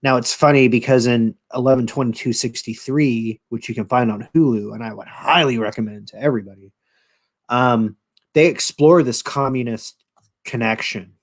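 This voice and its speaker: A man's voice: mid-range voice, moderate pace. A man hosting his own channel, casually retelling a show in a rambling, profane way with lots of fillers. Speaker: channel host.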